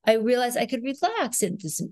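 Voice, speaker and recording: A woman in her sixties, an actress, talking as a guest in a podcast interview, telling stories in an animated way and acting out rhythms and sounds. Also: a little high, fairly quick, no echo. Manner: animated storyteller, acts out rhythms and voices.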